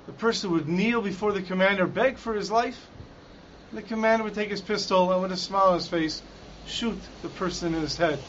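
A man's voice: high voice, fairly quick, fairly bright tone, a little hiss or hum. A man giving a Torah talk as a dramatic storyteller who raises his voice for quoted lines. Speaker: Torah teacher. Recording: dull lo-fi recording.

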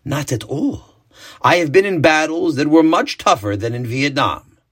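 A man voicing a cheerful older male war veteran, telling his stories in a warm, earnest way. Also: fairly high pitch, lively intonation, moderate pace, slightly rough, voice pushed up, heavily acted. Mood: serious.

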